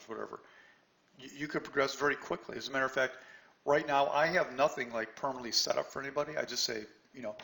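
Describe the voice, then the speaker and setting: A man's voice: medium pitch, vocal fry, fairly bright tone, rough recording. Middle-aged guy lecturing traders, blunt and scolding, lots of "right?" questions. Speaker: trading instructor. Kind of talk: seminar lecture.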